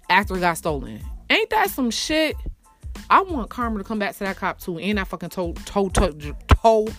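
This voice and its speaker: A woman vents about a rotten week in a fast, exasperated rant, cursing freely and leaping up in pitch whenever the outrage peaks. Between outbursts she sinks into low, grumbling asides. Faint music plays underneath. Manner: heated, profane, exasperated, swings between shouting up and muttering low. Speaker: single mother telling a personal story. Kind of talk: angry storytime rant.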